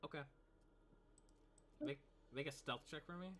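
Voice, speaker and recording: A man's voice: a little high, a little slow, a bit bright, slight background noise. A man narrating as game master of a tabletop game, talking loosely with many fillers. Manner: loose, filler-heavy narration with acted cultist outbursts.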